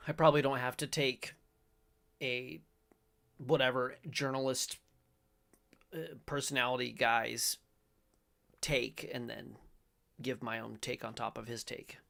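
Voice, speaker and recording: A man's voice: mid-range voice, flat delivery, a little slow, gravelly, long pauses, sharp tone. A middle-aged man hosting a faith-based commentary show, reading aloud and reacting in a rambling, self-correcting way with sudden emphatic bursts.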